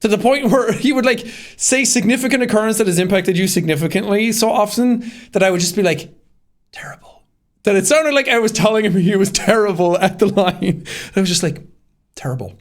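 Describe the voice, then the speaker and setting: A man's voice: sits high, brisk, hardly any pauses. A man casually explaining how he made his short film, rambling with lots of fillers and frequent laughter. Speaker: creator commenting on his own short film. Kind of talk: casual behind-the-scenes commentary.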